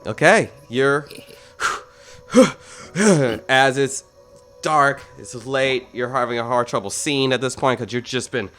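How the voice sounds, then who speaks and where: Slow-speaking man running a tabletop game. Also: medium pitch, fairly bright tone, faint music behind. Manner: unhurried narration with pauses and fillers. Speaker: game master.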